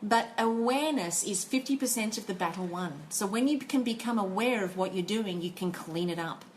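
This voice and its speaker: Casting: reflective woman podcast host, earnest and steady, with a faint hiss in the background. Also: mid-range voice, a little fast, poor audio. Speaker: podcast host, life coach. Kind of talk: casual chat.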